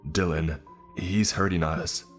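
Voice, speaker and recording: A man voicing a desperate young man shouting urgently through a closed door. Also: deep voice, fairly even intonation, slow, faint music behind.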